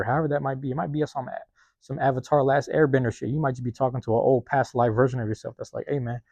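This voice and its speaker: A man with a mid-range, darkish voice hosts a podcast, recorded with no room sound. His casual monologue is profane, rambling and streetwise, and he's self-reflective, checking in with his listeners again and again.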